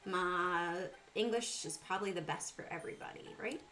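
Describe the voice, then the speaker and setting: A woman's voice: on the low side, normal speed, pushed and bright, a little hiss or hum. A middle-aged woman with a Southern US accent hosting a casual trading livestream, talking through charts and greeting chat viewers by name.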